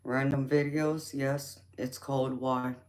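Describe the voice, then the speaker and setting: Speaking slowly in a rumbling low, slightly mellow voice with flat delivery, a Southern Georgia woman hosts a relaxed livestream. A tarot reader from the Southern United States, she reads viewer comments, laughs often and calls people sweetheart and honey.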